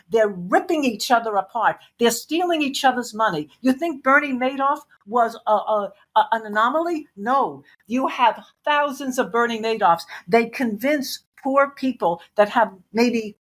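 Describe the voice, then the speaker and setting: A woman's voice: a little high, animated, normal speed, hardly any pauses, fairly bright tone. A woman interview guest giving intense, emphatic testimony, repeating phrases for weight.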